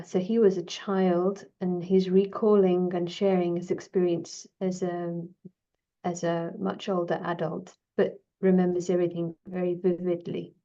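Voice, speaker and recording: A woman with a low, mellow voice speaks in a flat, even tone, pausing on fillers as she sums up a video. Her sound is dull and lo-fi, like an online call. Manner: measured, with frequent fillers. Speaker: co-presenter. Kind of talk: summarizing videos in an online session.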